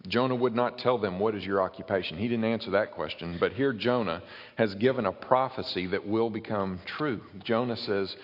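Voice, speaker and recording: A man's voice: lowish voice, normal speed, big-room sound, muffled recording. A man preaching a sermon, explaining and reading Bible verses aloud to his congregation. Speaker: pastor.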